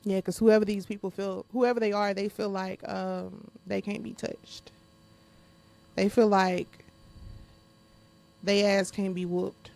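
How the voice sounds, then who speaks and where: A woman's voice: medium pitch, little pitch movement, unhurried, vocal fry, long pauses, a little mellow. A woman hosting her podcast in a casual monologue. She talks bluntly with lots of profanity, speaks straight to her listeners and often laughs while venting. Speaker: podcast host.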